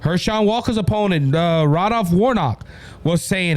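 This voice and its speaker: A man with a Cajun accent from Louisiana hosts a political commentary show. His voice sits high for a man, and he talks in an animated, chatty way, calling out to "ladies and gentlemen" as he goes. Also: moderate pace. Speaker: host.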